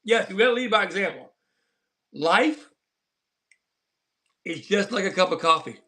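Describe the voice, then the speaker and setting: A man hosts a live stream in a high, bright voice. He rambles in an earnest, preachy way, chatting casually with his viewers. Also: expressive, measured pace. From southern Colorado. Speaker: livestream host. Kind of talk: casual livestream chat.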